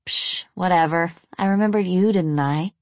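A woman's voice: lowish voice, moderate pace, darkish tone, no room sound, natural voice. A woman reading a sassy young party guest in a perky, teasing voice.

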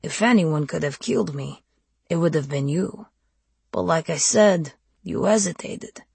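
Woman narrator as a taunting male vampire mentor, low and gravelly, dry sound. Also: expressive, measured pace, darkish tone, no echo, heavily acted. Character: cold, seductive male undead vampire mentor. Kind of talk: audiobook character voice.

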